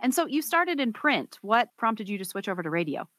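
A woman's voice: mid-range voice, sing-song, a little fast, sharp tone, dry recording. A woman interviewer asking questions and giving attentive, affirming replies. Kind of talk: interview conversation.

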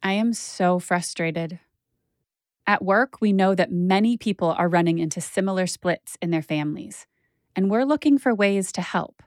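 A woman with a mid-range voice hosts a podcast and narrates a personal story at a moderate pace. She's candid and conversational, saying "like" a lot, and the studio-quality audio has no echo.

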